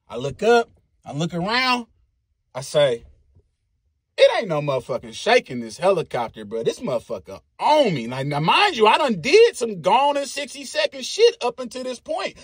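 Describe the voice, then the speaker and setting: A man, telling a story in a casual, animated, profane way, with sound effects. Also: very high voice, slightly rough, no echo, studio quality.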